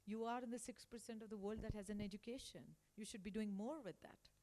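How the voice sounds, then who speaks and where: A woman's voice: mid-range voice, fast. A woman giving an emphatic motivational talk to school staff as a guest speaker. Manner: emphatic, acts out quotes in lively voices. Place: school hall. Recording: long hall reverb.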